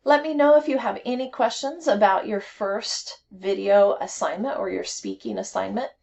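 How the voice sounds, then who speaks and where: A woman's voice: mid-range voice, a little mellow. Patient woman teaching an English lesson. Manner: clear, patient, deliberate delivery. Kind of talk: classroom instruction video.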